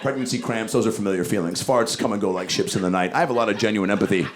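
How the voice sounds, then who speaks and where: A man in his forties doing a profane, rapid-fire stand-up set, with mumbled asides and loud bursts, on a handheld mic on a club stage. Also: on the low side. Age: 40s. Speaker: stand-up comedian. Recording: loud audience laughter and room ambience.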